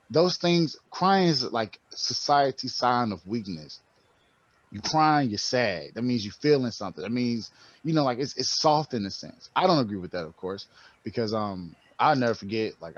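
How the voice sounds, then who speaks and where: Animated man telling stories on a podcast. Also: mid-range voice, lo-fi sound. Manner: animated storytelling with frequent slang and profanity. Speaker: podcast co-host. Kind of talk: casual conversation.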